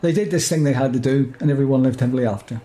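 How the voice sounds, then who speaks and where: A man's voice: medium pitch, racing, dark tone. A man co-hosting a comic story podcast, joking and chuckling in casual chat. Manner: jokey, chuckling, rambling. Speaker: co-host and character reader.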